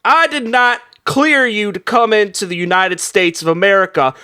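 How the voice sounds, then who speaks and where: A man's voice: sits high, moderate pace, sharp tone, clean tone. A man voicing a bossy male border inspector, drawling his words in an improv scene. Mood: officious. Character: pompous male border inspector, officious and suspicious.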